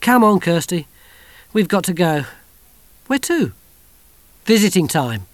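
A man reading aloud, voicing a quiet, thoughtful teenage boy. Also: high voice, very animated, takes it slowly, no echo, pitched above the performer's own voice, full character voice. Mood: urgent.

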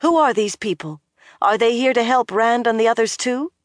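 A woman's voice: a little high, moderate pace, dry recording, studio quality, pitched above the performer's own voice, natural voice. A narrator voicing a wary young woman, asking anxious questions in a raised voice. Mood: urgent.

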